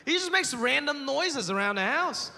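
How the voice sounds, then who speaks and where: A very high, sing-song male voice, creaky yet bright and forceful, moves at a moderate pace. He performs a stand-up set on stage for a live audience, voicing his parents and other people. The live hall adds long reverb and audience noise.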